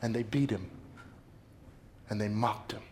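A man's voice: lowish voice, fairly even intonation, measured pace, darkish tone, slight background noise. A man preaching a sermon as a pastor, telling stories dramatically and repeating lines for emphasis. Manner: dramatic storytelling with emphatic repetition.

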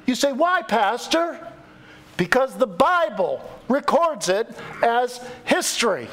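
Animated male preacher, high lively voice. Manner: animated storytelling preacher, acting out quoted voices. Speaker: pastor. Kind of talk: sermon.

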